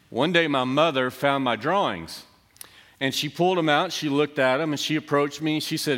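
A man's voice: fairly high pitch, moderate pace, a bit bright. A middle-aged man preaching a sermon, telling a personal story in a conversational, self-deprecating way. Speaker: pastor. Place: church sanctuary. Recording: long reverb of a church hall.

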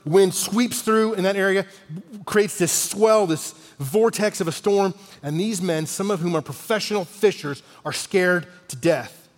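A man in his forties preaching with a fairly high voice, telling the story animatedly and sometimes sinking almost to a whisper for weight. His words ring out with a long reverb that carries through a large hall. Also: unhurried, soft background music. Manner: animated storyteller, drops to a near-whisper for emphasis. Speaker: pastor. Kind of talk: sermon storytelling.

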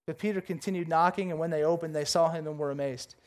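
A man with a fairly high voice delivers a sermon. He reads scripture aloud, then breaks into casual, jokey storytelling full of excited asides. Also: quick pace. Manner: animated, jokey storytelling with big pitch swings. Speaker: pastor.

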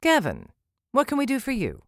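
A man's voice: very high voice, wildly swooping pitch, normal speed, no room sound, clean studio sound, pitched above the performer's own voice, exaggerated voice. A man reading an audiobook, voicing a guarded, evasive woman assistant who answers politely without saying anything. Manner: stonewalling, fake-polite. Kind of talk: audiobook character voice.

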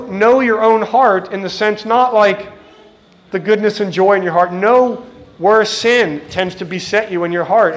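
A middle-aged man with a high-pitched voice preaches earnestly and directly to his congregation, acting out the voices of those he quotes.

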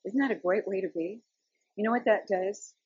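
A woman's voice: mid-range voice, normal speed, a little mellow, breathy edge, no echo, highs cut off. A middle-aged woman giving an earnest, conversational devotional talk, telling stories. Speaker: Christian speaker.

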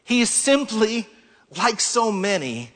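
Male preacher, higher voice, sermon delivery, deliberate emphasis, long hall reverb. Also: very animated, a bit bright. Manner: measured, slows down to stress key words.

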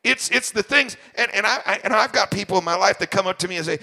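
A male pastor delivers a sermon in a high, bright voice. He sounds worn out and preaches with stop-and-start emphasis, doubling back on his own words as he builds his point. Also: fast talker, vocal fry, few pauses. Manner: emphatic, repeats and restarts phrases. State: tired. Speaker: senior pastor.

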